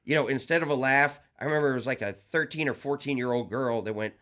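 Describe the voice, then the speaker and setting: A man, a stand-up comedian, telling a story in casual talk, animated and laughing often as he goes. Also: mid-range voice, fast talker.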